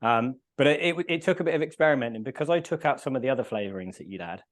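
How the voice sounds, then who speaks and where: A man's voice: medium pitch, animated, very fast. A male podcast host in casual chat, talking through a mouthful and murmuring between words. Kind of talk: casual chat while tasting food.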